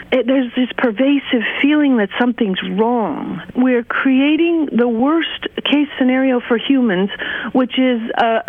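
A woman guest talking earnestly and gently in an interview, sometimes acting out inner voices. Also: a little high. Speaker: guest author. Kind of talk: casual interview talk. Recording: phone-line sound.

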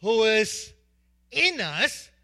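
A man's voice: sits high, very animated, drawn-out words, bright, forceful tone. A man preaching a sermon as pastor, emphatic, repeating lists of words and asking the congregation questions.

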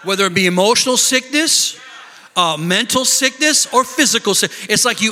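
Guy preaching a sermon, high and really bright voice, echoing through a big hall. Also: animated, normal speed. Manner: preaching with bursts of shouting and mimicked complaining voices. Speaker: pastor. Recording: long reverb of a large hall.

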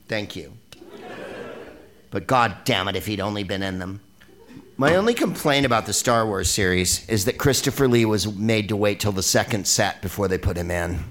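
A man's voice: fairly low pitch, a bit bright. A man hosting a podcast in a rambling, comic, profane talk about old films, full of digressions and laughing asides. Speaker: podcast host. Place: live venue with an audience.

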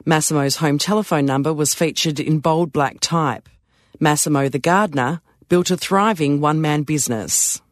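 A man narrating a story in a calm, measured way. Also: on the high side, no room sound, clean studio sound.

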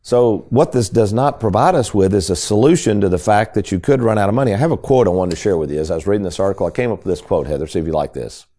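A low, dark male voice carries this talk radio segment. He speaks with emphatic, folksy energy, turning often to the listeners at home. His tone stays mellow even when he presses a point. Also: fast, hardly any pauses. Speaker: financial radio show host.

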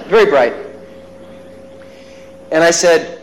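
A man's voice: on the high side, lively intonation, unhurried, pauses often, a little hiss or hum, low-quality recording. A male psychologist telling a personal story in a workshop lecture, with self-deprecating, chuckling asides. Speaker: psychologist giving a workshop talk.

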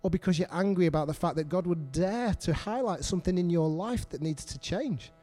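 A man's voice: high-pitched, a little fast, warm tone. A middle-aged man preaching a sermon, earnest and repetitive, putting questions to the congregation.

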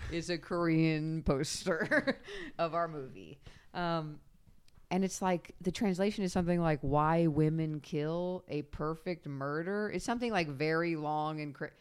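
Giggly, animated woman with a very clear voice. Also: sits low, moderate pace. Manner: animated, giggly, swears casually. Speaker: podcast guest. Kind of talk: casual podcast chat.

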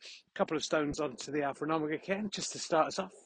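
A man hosting a podcast while walking outdoors in a field, rambling in a mock-serious, deadpan way. He is a little out of breath and slightly unwell. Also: fairly high pitch, fast. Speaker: podcast host. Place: outdoors in a field on a cold windy day.

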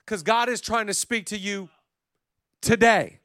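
A man preaching a sermon as pastor, swinging from soft, close passages to loud, emphatic calls. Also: high voice, fairly even intonation, measured pace, dry recording. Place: church stage.

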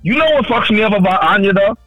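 Animated, swearing man on a podcast. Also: high voice, fast talker, no room sound, soft background music, low-quality recording. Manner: animated storyteller, loud and swearing, acts out quotes. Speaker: podcast co-host. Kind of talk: casual chat.

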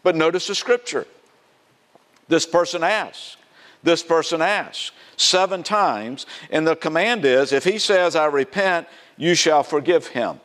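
Southern American pastor preaching. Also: male voice, a little high, measured pace. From South Carolina. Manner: animated, asks the audience questions, acts out quoted voices. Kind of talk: sermon.

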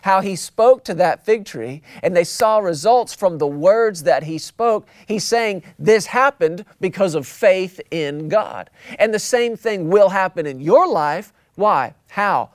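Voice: medium pitch, expressive, a little slow, hardly any pauses, dry recording, clean studio sound. A pastor preaching a sermon, emphatic and repetitive, drawing out key words for weight.

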